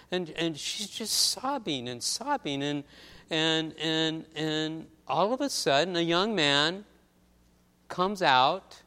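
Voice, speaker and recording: High bright-voiced pastor in a reverberant hall. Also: male voice, smooth. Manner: chatty, acts out scenes with voiced quotes. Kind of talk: conversational storytelling sermon.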